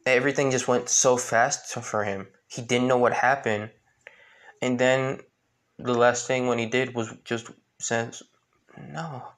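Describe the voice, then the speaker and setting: Male storyteller, unhurried, halting, lots of restarts, mid-pitched. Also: little pitch movement, fairly bright tone. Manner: halting, with many restarts and fillers. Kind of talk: retelling a fan story.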